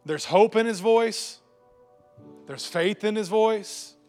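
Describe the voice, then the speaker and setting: A man's voice: high voice, slow, darkish tone, soft background music. A male pastor preaching a live sermon in church, joking and asking the congregation rhetorical questions. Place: church sanctuary before a congregation.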